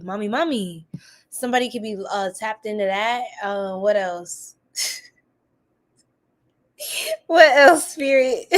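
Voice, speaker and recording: A woman hosting a live tarot reading, chatty and giggly, rambling with lots of fillers. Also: mid-range voice.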